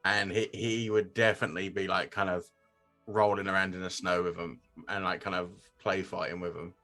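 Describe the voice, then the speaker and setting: A man's voice: low-pitched, level tone, fairly quick, sharp tone, faint music behind. A man playing a tabletop game who casually describes his character's actions. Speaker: player.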